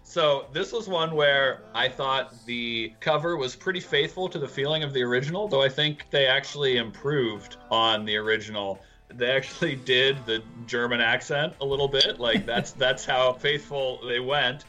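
A man's voice: mid-range voice, moderate pace, bright, forceful tone, faint music behind. A man co-hosting a podcast, chatting casually and rambling as he reviews a song cover. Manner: rambling, thinks aloud. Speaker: podcast co-host. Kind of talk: casual music review chat.

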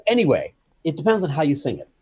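Animated husky-voiced man arguing a point. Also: on the high side, fast talker. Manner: argumentative, animated, explains stresses with sweeping emphasis. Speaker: podcast co-host. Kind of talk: casual debate.

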